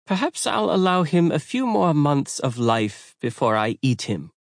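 A man's voice: fairly high pitch, sing-song, gravelly, dry recording, studio quality, voice pushed up, full character voice. A man voicing a hulking, menacing male vampire with a light German accent, in an audiobook. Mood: menacing amusement. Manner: deliberately menacing, amused.

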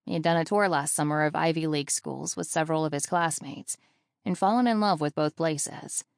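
A woman reading a novel aloud in steady, scripted audiobook narration. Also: low-pitched, fairly quick, vocal fry, no room sound, studio quality.

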